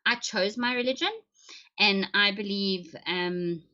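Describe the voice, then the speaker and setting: Heard through dull, lo-fi stream audio, this livestream host has a medium-pitched voice that is bright and forceful, delivered slowly. She chats casually with viewers and laughs and jokes often.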